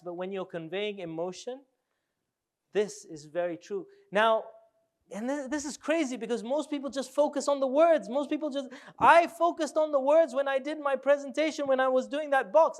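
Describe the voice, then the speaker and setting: Brief: high-pitched male speaker, animated and playful, works the room. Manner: animated, jokey, asks the audience questions. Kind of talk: live workshop talk.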